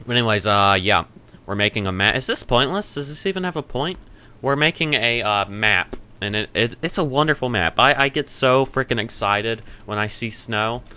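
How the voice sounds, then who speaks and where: A man giving casual let's-play commentary, excitable and rambling, with stammering restarts and sudden shrieks. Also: lowish voice, clean tone. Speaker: gameplay commentator.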